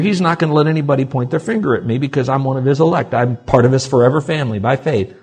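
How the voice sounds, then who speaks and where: A male pastor delivers a sermon to a church congregation in a husky, somewhat breathy voice at a middle pitch. He moves from soft, confiding asides to loud, emphatic peaks. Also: fast talker.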